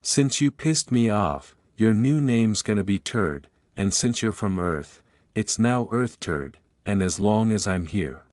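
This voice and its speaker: A brash, sassy floating unicorn-horse head with a trash-talking attitude, as a man reading the story puts her on. The voice stays low and close to the mic, with a dry sound. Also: animated, a little slow, a little mellow, dry recording.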